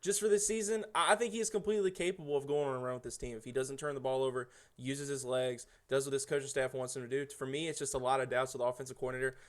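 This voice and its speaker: A man's voice: mid-range voice, steady tone, racing, few pauses. A man guesting on a casual sports podcast, often restarting his sentences with repeated words.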